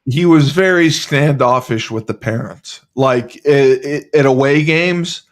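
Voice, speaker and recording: A man's voice: mid-range voice, a little slow. A man, a former teammate, chatting casually on a podcast and repeating his points insistently. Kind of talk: casual chat.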